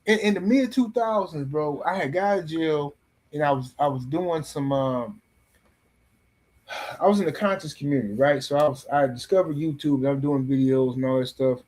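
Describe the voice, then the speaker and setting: A middle-aged man on a podcast panel tells a story casually, in a blunt, profane and animated way, often restarting his sentences. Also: fairly high pitch, moderate pace.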